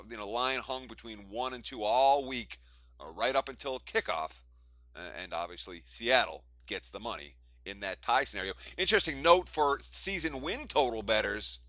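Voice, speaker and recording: A man's voice: medium pitch, sharp tone, dry recording. A man co-hosting a sports betting show, breaking down results in chuckling, analytical talk.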